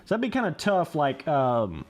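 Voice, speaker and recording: A man's voice: a little high, huge pitch swings, normal speed. A young man giving casual, rambling livestream commentary while playing a game, swearing freely. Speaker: gaming livestreamer.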